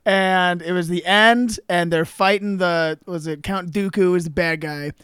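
A man's voice: high voice, steady tone, measured pace, fairly bright tone, clean tone, no room sound, studio quality. A man chatting casually on a comedy podcast, loose and profane, laughing often. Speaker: comedian podcast guest or host.

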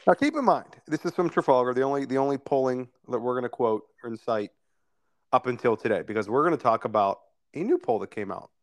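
A man's voice: medium pitch, expressive, quick pace, no echo. A man hosting a political podcast in casual chat, wry in tone and steering the segments along. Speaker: podcast host.

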